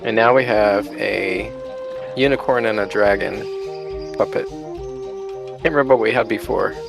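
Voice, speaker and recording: A man's voice: on the low side, fairly even intonation, unhurried, creaky, music in the background. A man hosting a casual chat while touring a game park, chatty and laughing often. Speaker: host.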